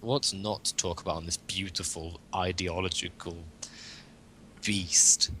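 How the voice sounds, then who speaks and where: Bright-voiced man rambling with jokes. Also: low-pitched, steady tone, unhurried, a little hiss or hum. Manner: rambling, jokey, chuckles often. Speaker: podcast co-host. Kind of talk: casual joking chat.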